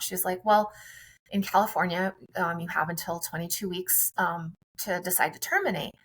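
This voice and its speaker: A woman's voice: medium pitch, brisk, breathy edge, poor audio. A woman guest on a podcast, a friendly and chatty mother telling her own story in conversation.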